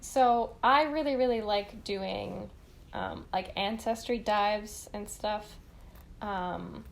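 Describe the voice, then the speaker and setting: A young woman co-hosts a podcast, chatting casually, laughing often and swearing freely. Her mid-range voice is gravelly and she speaks at a slow pace, with slight background noise behind her.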